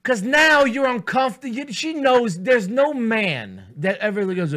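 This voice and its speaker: A man with a very high, bright, forceful voice tells crude stories in loose comedic banter. His delivery is profane and animated, and he keeps the jokes rolling as a show co-host. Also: normal speed, few pauses. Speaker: podcast co-host.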